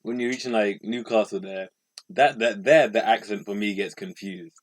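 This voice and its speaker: A man co-hosting a podcast in a casual, animated way, chatty and quick to laugh. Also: lowish voice. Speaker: podcast co-host. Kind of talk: casual chat.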